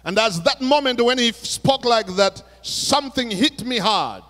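Male pastor for a sermon. High voice, unhurried delivery. Tells stories quietly, then rises to exhort the room. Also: expressive. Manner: storytelling preacher, shifts between hushed retelling and raised exhortation. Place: church sanctuary. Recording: long church hall reverb.

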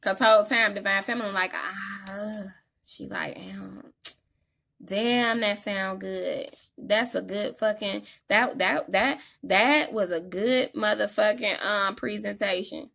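A woman's voice: medium pitch, measured pace, creaky, sharp tone. A woman giving a casual tarot reading, talking in an emphatic, slangy, profane way. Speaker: tarot reader.

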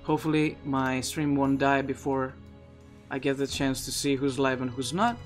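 On his own streaming microphone, with soft music in the background, a male Twitch streamer provides live gameplay commentary at normal speed. His medium-pitched voice keeps a steady tone, while his chat stays loose and rambling with frequent sentence restarts.

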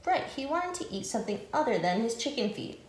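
A woman nutrition educator reading a picture book aloud to children, with an animated, sing-song manner. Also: a little high, fairly quick, reverberant.

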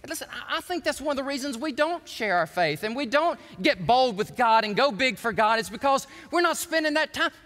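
A pastor preaches in a large sanctuary, his high voice rising and falling with lively energy. He tells his story animatedly and acts out the voices in it. His bright tone carries a long reverb from the hall. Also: a little fast, hardly any pauses. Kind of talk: sermon.

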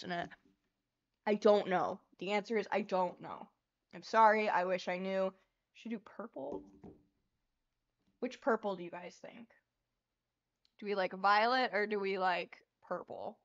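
A woman's voice: mid-range voice, moderate pace, pauses often. A young woman hosting a casual livestream, flustered and laughing as she swears through tech trouble. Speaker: livestream host. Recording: lo-fi stream audio.

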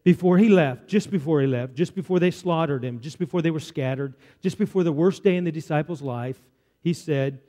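High-voiced male preacher in a reverberant church. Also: a little mellow. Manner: earnest preaching, slows down to read scripture aloud. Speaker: pastor. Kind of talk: sermon. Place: church sanctuary. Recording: long reverb of a church hall.

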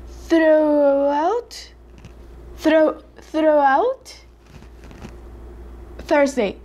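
Mexican lady vlogging, high voice, slow careful tongue twisters, keeps tripping and restarting. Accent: Mexican Spanish. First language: Spanish. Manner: stumbling, self-correcting, giggly. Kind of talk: casual tongue-twister attempts.

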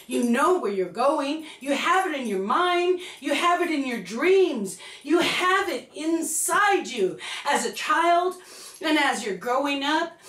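A woman giving an emphatic, repetitive motivational pep talk, breaking into shouts. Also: sits high. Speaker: motivational speaker. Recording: echoey room, distant mic.

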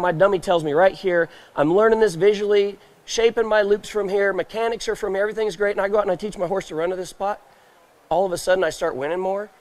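A high-pitched man with a drawl teaches roping on a trade show stage. His talk is folksy, and he keeps firing questions at the crowd and acting out little scenes. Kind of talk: live demonstration talk to a crowd. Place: indoor trade show stage, live audience.

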